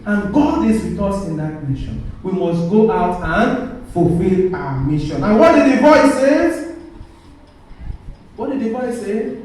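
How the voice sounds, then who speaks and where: High-voiced priest in an echoey church. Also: male voice, sing-song, unhurried, a little mellow, distant mic. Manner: call-and-response questioning of the congregation. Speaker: Catholic priest. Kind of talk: sermon.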